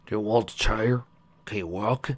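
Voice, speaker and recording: A man voicing a caring, gruff old stallion who speaks gently and in a hushed way. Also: on the low side, normal speed, close to an everyday voice. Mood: tender.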